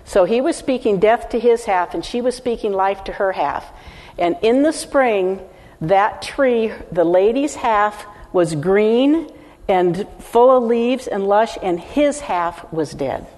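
An older woman preaches a teaching sermon to her congregation, animated, earnest and emphatic but at a slow pace. Her slightly mellow voice sits mid-pitch for a woman and rings with the hall's long reverb.

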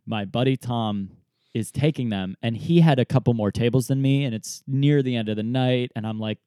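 A man's voice: medium pitch, moderate pace, clean tone, no room sound, studio quality. A man in his twenties, co-hosting a podcast, telling a story in a casual chat and acting out the people in it. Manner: animated storyteller, acts out quoted people, laughs often. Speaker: podcast co-host.

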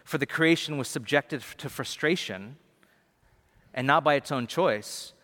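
A man preaching a sermon in a loose, animated way, with slangy asides and playful acted-out voices. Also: medium pitch, a little slow. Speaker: pastor. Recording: long reverb of a large hall.

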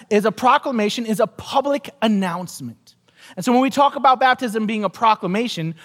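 A man preaching a sermon as pastor, earnest, repeating key phrases and dropping low for emphasis. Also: a bit bright, long reverb tail.

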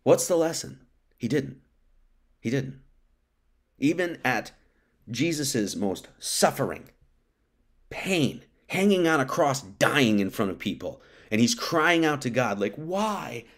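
A man's voice: medium pitch, expressive, takes it slowly, pauses often. A man giving an informal sermon, talking casually, reading scripture and acting out quotes, with many restarts. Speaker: preacher.

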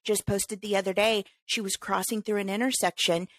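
A woman's voice: medium pitch, flat delivery, fairly quick, a bit bright, no room sound. A woman co-hosting a casual podcast, talking in an emphatic, ranting way. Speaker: podcast co-host.

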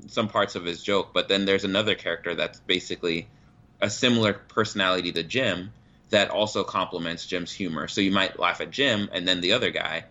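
Brief: male co-host, deep but bright voice, laid-back explaining. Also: brisk, muffled recording. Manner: relaxed, explains with examples and "you know". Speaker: podcast co-host. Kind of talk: casual chat.

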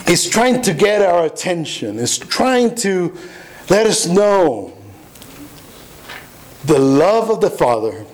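A man's voice: high voice, very animated, slow pace, long pauses, poor audio. A man preaching a sermon, earnest and emphatic, often restarting his words. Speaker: pastor.

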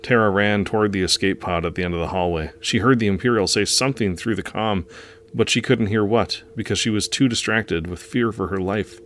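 Male storyteller, very low voice, earnest read-aloud narration, faint background hiss. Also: a little fast, fairly bright tone.

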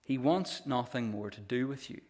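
A harsh, self-righteous older brother, a young man lecturing his sibling with cold scorn, as a preacher acts him out in a sermon. He speaks in an even, mid-pitched man's voice, low-key and contemptuous rather than loud. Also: moderate pace, natural voice. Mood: accusing.

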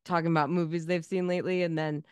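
Casual female co-host, smooth voice, dry close mic, salty and sarcastic. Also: fairly low pitch, fast, dry recording. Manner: swears a lot, animated and sarcastic. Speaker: podcast co-host. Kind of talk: casual chat.

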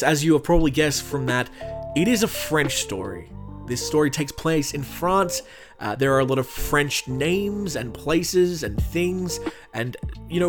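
A young man at a middle pitch hosts a true crime podcast with a joking, self-mocking manner. His asides are animated, and faint music plays behind his voice. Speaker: podcast host.

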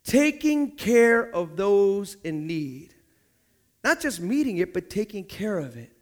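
A man's voice: sits high, big pitch swings, a little slow, darkish tone. A man pastor preaching a sermon in church, calling on the congregation to answer back and acting out little scenes in other people's voices.

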